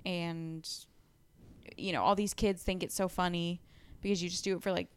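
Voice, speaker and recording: A woman's voice: fairly low pitch, fairly even intonation, moderate pace, clear, resonant tone. A young woman co-hosting a podcast, chatting casually and rambling through a movie recap with lots of ums and likes. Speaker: podcast co-host. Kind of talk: casual chat.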